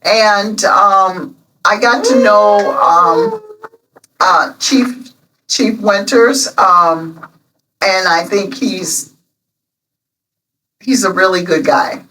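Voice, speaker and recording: A woman in her seventies, guest on an interview, telling stories warmly and emotionally with many pauses. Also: medium pitch, lively intonation, far from the mic, a little hiss or hum, rough recording. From Illinois, USA. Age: 70s. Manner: emotional, storytelling, many ums. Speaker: interview guest, local alderman. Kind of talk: casual interview chat.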